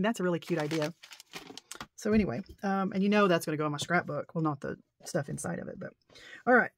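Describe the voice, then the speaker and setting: A middle-aged woman vlogging about paper crafting in a casual show-and-tell, excitable and gushing, rambling and getting tongue-tied as she goes. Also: mid-range voice, a little hiss or hum.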